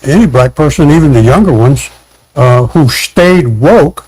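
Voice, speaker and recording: Male guest, slightly high-pitched, animated explainer who voices little scenes, dry close mic. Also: normal speed, no echo, low-quality recording. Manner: animated storyteller, acts out quotes, laughs, many restarts. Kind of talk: casual chat.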